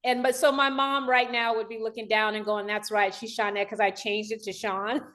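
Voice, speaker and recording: An American woman from the Los Angeles area talks as an interview guest. Her voice sits a little high, and she speaks in an animated, emotional way with many restarts. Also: normal speed. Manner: animated, laughing, restarts often. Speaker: guest dancer and director.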